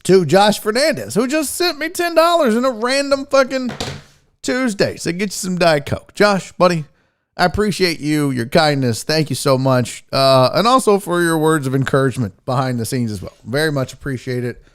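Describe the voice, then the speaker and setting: A man's voice: on the high side, animated, moderate pace, fairly bright tone, clean tone. A man hosting a casual live-streamed sports talk show. He rambles, jokes and swears freely. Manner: profane, joking, rambling. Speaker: host.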